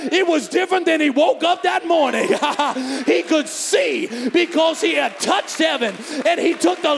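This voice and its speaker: Man, preacher, fervent shouting sermon, very high voice, gravelly edge, long hall reverb. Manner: fervent, shouting, call and response.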